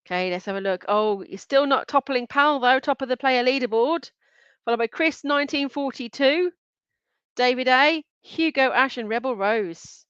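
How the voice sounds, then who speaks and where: A woman's voice: sits high, moderate pace, a bit bright, clean tone, no echo, lo-fi sound. A woman hosting a live online quiz, reading out answer options and names in a chatty way and giggling often. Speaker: quiz host.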